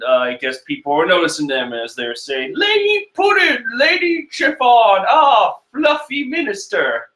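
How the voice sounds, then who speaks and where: Chatty young man, bright voice. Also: mid-range voice. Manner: chatty, rambling, with frequent fillers. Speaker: manga reaction host. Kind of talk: casual reading and reacting. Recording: echoey room.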